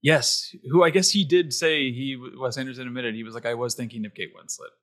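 Man, husky voice, mid pitch, casual podcast chat, profane, laughs often. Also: steady tone, brisk, fairly bright tone.

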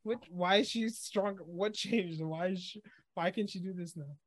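A man's voice: sits high, moderate pace, no echo. A man co-hosting a podcast, casually recapping an anime episode and acting out the characters' lines as he goes. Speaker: podcast co-host.

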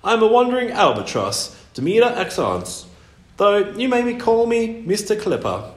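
A man voicing a grumpy old male albatross with a creaky, crotchety, condescending voice, pitched well above his own. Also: huge pitch swings, moderate pace. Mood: haughty. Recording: echoey room, faint hiss.

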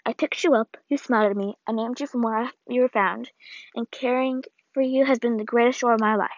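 A woman reading the farewell letter of an old, ailing grandmother in a solemn, measured way, on a dull, lo-fi recording. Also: fairly high pitch, fairly even intonation, no room sound, lightly acted. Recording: dull, lo-fi dry read.

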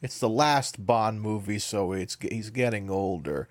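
A man's voice: fairly low pitch, unhurried, no room sound. A man co-hosting a casual podcast chat, playful and prone to slipping into impressions of other voices. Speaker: podcast co-host.

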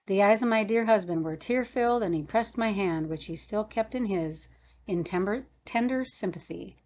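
A woman reading a devotional novel aloud as an audiobook narrator, in a gentle, devout manner. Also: mid-range voice, moderate pace. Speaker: audiobook reader. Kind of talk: scripted narration.

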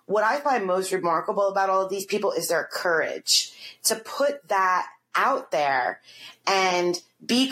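Woman podcast co-host, lowish voice, earnest, admiring. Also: fairly bright tone. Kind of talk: casual podcast chat.

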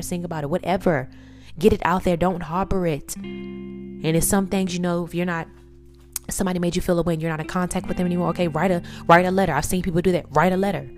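A woman giving an unscripted motivational talk, her voice swinging between hushed near-whispers and loud emphatic bursts. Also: lowish voice. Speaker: podcaster sharing personal testimony. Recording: guitar music playing under voice.

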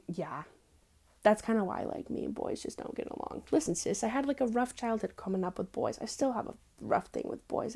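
A woman's voice: medium pitch, darkish tone. Young woman, sassy, profane, rambling, casual monologue. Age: young adult.

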